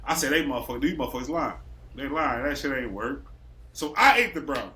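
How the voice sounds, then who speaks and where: A man's voice: medium pitch, expressive, fast talker, bright, forceful tone. A man from Racine, Wisconsin, a podcast host telling a story in loose casual chat, acting out the quotes and swearing freely.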